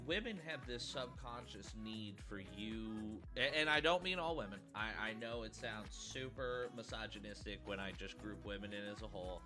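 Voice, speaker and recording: A man hosting a reaction video, rambling casually with many restarts and laughs. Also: medium pitch. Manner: rambling, repeats words, laughs often.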